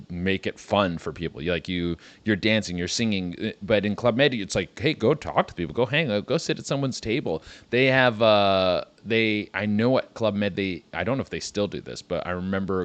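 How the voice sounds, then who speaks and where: A man's voice: low voice, no room sound, highs cut off. A man hosting a comedy podcast, riffing in a rambling, profane monologue and saying "dude" a lot.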